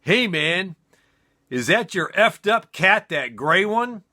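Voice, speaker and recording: A man doing a stoned college roommate, high drawl. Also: big pitch swings, slow, sharp tone, exaggerated voice. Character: stoned young male college roommate, laid-back.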